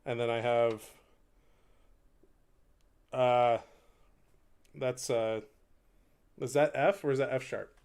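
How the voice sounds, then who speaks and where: A man's voice: mid-range voice, fairly even intonation, takes it slowly, long pauses, a little mellow, clear, resonant tone. A man live-streaming his instrument practice, chatting casually with viewers, rambling, laughing at himself and counting beats aloud. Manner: rambling, self-deprecating, laughs often; talks while playing, counting beats aloud. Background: faint hurdy-gurdy drone.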